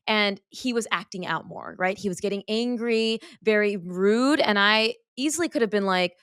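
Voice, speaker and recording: A woman hosting a podcast, talking in a casual, earnest way as she opens up with personal stories. Her voice sits at an ordinary middle pitch. The recording is close and dry, with no room sound. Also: moderate pace, hardly any pauses, fairly bright tone, clean tone, no room sound. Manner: earnest, open personal storytelling. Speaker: podcast host and pediatrician. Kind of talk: casual interview chat.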